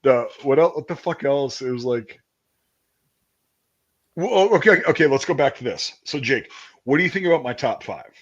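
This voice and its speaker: A man's voice: mid-range voice, expressive, normal speed, long pauses. Profane ex-army man swapping stories. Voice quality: profane, laughing, acts out shouted quotes. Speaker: podcast host. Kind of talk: casual chat, storytelling. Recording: dull lo-fi stream audio.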